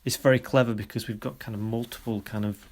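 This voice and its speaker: A man with a fairly low voice talks through students' photographs as a workshop leader. He is encouraging and warm in his praise. He stops often to search for the right word. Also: steady tone. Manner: encouraging, halting with many pauses. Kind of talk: recorded feedback on students' photos.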